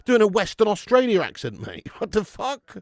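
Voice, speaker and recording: Guy on a live stream, gravelly voice, bounces around a lot, swears and says mate a lot, dry mic. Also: high voice, huge pitch swings, normal speed, no room sound. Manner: swears freely, laughs often, calls viewers mate. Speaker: watch-along host reading live chat. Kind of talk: casual live-stream chat.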